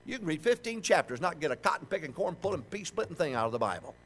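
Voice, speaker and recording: Older preacher guy, kinda high voice, jokey, yells to make a point. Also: very animated, fast, crowd noise. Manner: folksy, humorous preaching with shouted emphasis. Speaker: pastor. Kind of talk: sermon.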